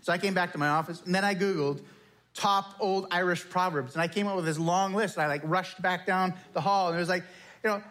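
Chatty pastor, man, slightly high voice. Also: fairly even intonation, fairly quick, a bit bright. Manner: chatty, self-deprecating, acts out dialogue. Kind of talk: casual storytelling sermon. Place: church.

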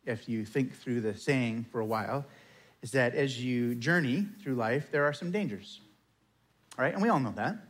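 Chatty pastor, man, slightly high voice. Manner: chatty, self-deprecating, acts out dialogue. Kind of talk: casual storytelling sermon. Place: church.

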